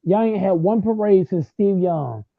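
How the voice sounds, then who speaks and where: A young man in his late twenties argues football with loud, repeating trash talk. His voice sits high and gravelly. The sound is thin and tinny, like a phone line. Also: lively intonation, a little slow, a little hiss or hum. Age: late 20s. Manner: loud, repetitive, trash-talking. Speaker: host. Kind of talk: heated casual sports argument.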